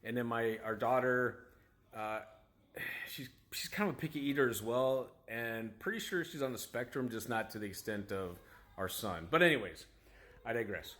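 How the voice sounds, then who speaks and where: A father talks straight to camera in a loose, rambling way, circling back over his own words. His voice sits at an ordinary middle pitch, and he sounds self-critical as he tells his story. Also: moderate pace, a bit bright. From United States. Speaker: vlogger, father.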